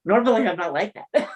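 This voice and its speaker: Slow-talking woman set back from the mic. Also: fairly high pitch, a little mellow, distant mic. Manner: slow, laughs often. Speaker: book club co-host. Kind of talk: casual book chat. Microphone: video call, a bit off mic.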